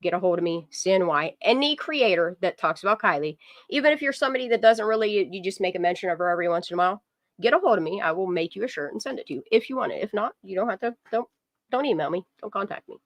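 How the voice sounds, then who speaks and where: A woman hosting a casual live stream, chatty and excitable, rambling through long asides and talking to her dog. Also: mid-range voice, quick pace, dry recording. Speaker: livestream host.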